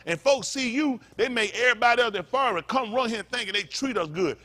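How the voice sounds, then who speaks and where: Pastor guy preaching hard, high voice, blunt and cussing, lots of call and response. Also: fast, hardly any pauses, sharp tone. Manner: impassioned, blunt and profane, with call-and-response asides. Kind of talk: fiery sermon.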